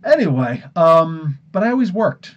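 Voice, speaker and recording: A man's voice: fairly high pitch, very animated, measured pace, muffled recording. A man from New Jersey hosting a casual comics podcast livestream, tired and rambling, laughing often. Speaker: podcast host.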